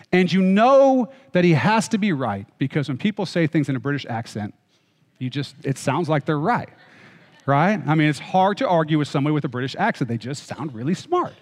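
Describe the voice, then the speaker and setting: A man preaching a sermon, reading scripture and then explaining it in a conversational way with joking asides to the congregation. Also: fairly high pitch. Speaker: pastor. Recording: long hall reverb.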